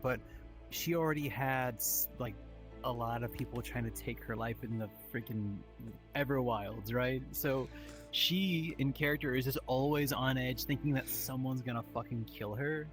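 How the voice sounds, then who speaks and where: Mid-pitched dude rambling about his rp character, bit of music behind. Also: normal speed. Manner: rambling explanations with restarts and fillers. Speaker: roleplay streamer explaining his character. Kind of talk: casual chat.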